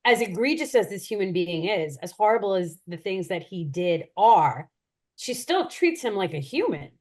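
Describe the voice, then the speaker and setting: A woman, a forensic psychologist, speaks as a podcast guest in casual chat. She is emphatic and analytical, and her voice sits at a middle pitch. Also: sing-song, normal speed.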